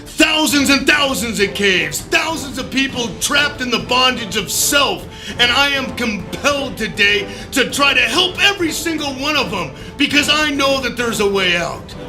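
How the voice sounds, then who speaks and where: Guy with a real high bright voice, all fired up telling his recovery story, cusses a bit, soft music under it. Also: moderate pace. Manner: animated, acts out his own voice in quotes, loud bursts; mild profanity, folksy. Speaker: recovery speaker. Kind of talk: motivational storytelling talk.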